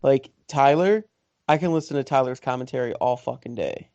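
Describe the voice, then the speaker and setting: A man's voice: mid-range voice, moderate pace, a little mellow, no room sound, lo-fi sound. Emphatic male podcast co-host, dry sound. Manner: emphatic, enthusiastic opinions with swearing. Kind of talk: casual podcast chat.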